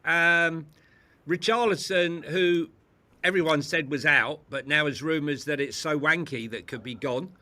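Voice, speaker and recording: A man's voice: a little high, unhurried, bright, forceful tone. A man co-hosting a football fan chat, incredulous and sarcastic, often laughing. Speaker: co-host. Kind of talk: casual chat.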